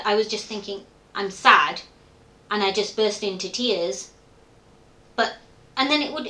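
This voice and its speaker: A middle-aged woman whose voice sits on the high side and has a sharp tone is interviewed in an echoey room. She opens up reflectively about her story in a candid conversation, repeatedly quoting her own past thoughts.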